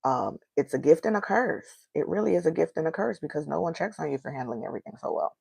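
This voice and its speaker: A woman's voice: deep voice, expressive, fast talker, gravelly, darkish tone, breathy edge, dry recording. A woman in her thirties with an African American accent, venting candidly on her own podcast and asking rhetorical questions. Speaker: podcast host. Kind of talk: casual solo podcast monologue.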